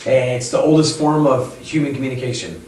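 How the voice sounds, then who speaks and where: A man who owns a bookstore, chatting casually in an interview, rambling and animated as he tells stories. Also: mid-range voice, fairly quick, a little hiss or hum. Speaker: bookstore owner and author. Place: inside his bookstore. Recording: echoey room, mic at a distance.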